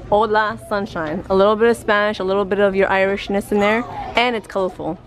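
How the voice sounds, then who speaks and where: A woman's voice: medium pitch, fairly even intonation, a little fast. A woman vlogging while shopping in a store, chatty and giggly, teasing her partner. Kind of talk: casual vlog chat.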